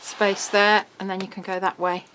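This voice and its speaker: A woman's voice: medium pitch, little pitch movement, noisy background. A middle-aged woman, presenting a craft album in a casual, bubbly walkthrough. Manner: chatty, bubbly, quick laughs.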